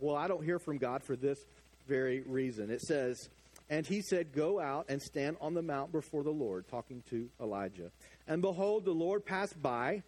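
A middle-aged man preaching a sermon, animated, swinging from hushed asides to loud emphatic lines. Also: on the high side. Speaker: pastor.

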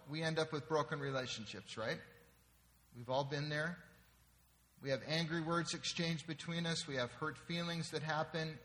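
A man's voice: on the high side, pushed and bright. A man preaching a sermon in a conversational way, often checking in with the congregation. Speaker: pastor. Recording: long reverb in a large hall.

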